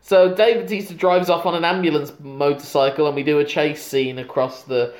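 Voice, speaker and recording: A man's voice: a little high, steady tone, a little fast, hardly any pauses, roomy sound. A man recapping a film plot in casual chat, with dry asides. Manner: narrates plot in long runs, dry asides. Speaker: podcast co-host recapping a film.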